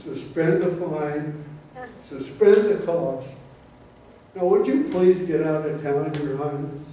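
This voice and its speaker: Casting: dry, amused small-town judge, put on by a male storyteller, slow and deadpan, fairly high voice. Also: background noise. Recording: roomy hall, mic from far off.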